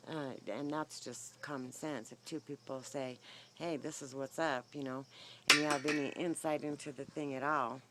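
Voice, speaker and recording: A woman's voice: very deep voice, steady tone, normal speed, heavy background noise. A woman vlogging outdoors on her phone without a clip-on mic, telling a long rambling story full of fillers, her voice a little shaky. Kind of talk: casual rambling vlog. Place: outdoors by the horses. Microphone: phone's built-in mic, no clip-on mic.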